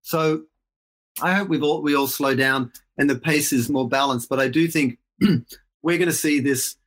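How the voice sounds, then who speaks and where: A man's voice: medium pitch, fairly even intonation, normal speed, a bit bright. Australian man, middle-aged, reflective, rambling interview guest. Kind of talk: casual interview chat.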